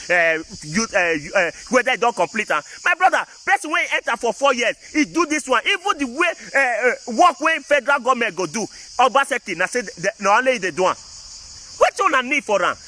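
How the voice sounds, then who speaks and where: A man's voice: extremely high pitch, sharp tone. A man with a Nigerian Pidgin English accent, ranting to his viewers in a casual, emphatic and repetitive way. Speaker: vlogger. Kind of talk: casual political rant to viewers.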